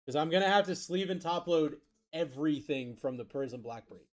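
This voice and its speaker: A man's voice: a little high, expressive, normal speed. A man hosting a live card break stream, reading out player names and answering chat. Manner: rattles off player names, reads chat aloud.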